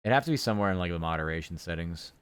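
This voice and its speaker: Young male streamer, casual chat, mutters to himself, smooth voice, dry close mic. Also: low voice, expressive, very fast, dry recording. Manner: rambling, muttering to himself while working.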